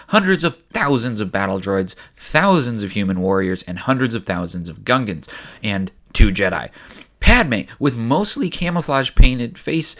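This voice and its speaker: A man's voice: fairly low pitch, fairly bright tone. A man hosting a video, narrating a made-up story in a casual, wry, offhand way. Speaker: host and narrator.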